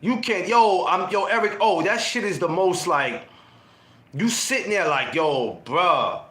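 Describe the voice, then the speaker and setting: Animated high-voiced man telling stories. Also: moderate pace. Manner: animated storytelling, acts out teen scenes. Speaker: podcast co-host. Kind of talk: casual group chat. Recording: roomy room sound.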